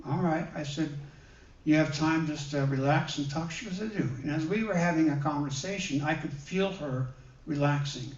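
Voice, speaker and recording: Guy giving a gentle chatty sermon, kinda high voice, roomy hall sound, dull mic from far off. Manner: gentle, conversational, with many pauses and fillers. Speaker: guest minister. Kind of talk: sermon with personal stories. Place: church hall.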